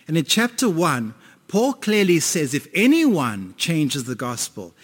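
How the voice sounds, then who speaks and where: A man's voice: fairly high pitch, a bit bright. A man preaching a sermon to a congregation, conversational and asking them questions. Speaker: pastor. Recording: long hall reverb.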